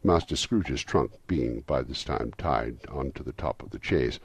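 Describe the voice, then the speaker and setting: A man reads a classic novel aloud for an audiobook, with an expressive, shifting delivery. His voice is extremely deep and gravelly with a husky, rough texture. The sound is close and dry. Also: a little slow, no echo. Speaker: audiobook narrator. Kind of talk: scripted narration of a classic novel.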